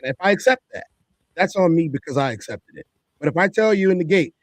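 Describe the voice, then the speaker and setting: A man's voice: a little high, lively intonation, fast, dry recording. A man co-hosting a talk show, giving opinionated commentary in an emphatic, preachy way and repeating his points for effect. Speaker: podcast co-host.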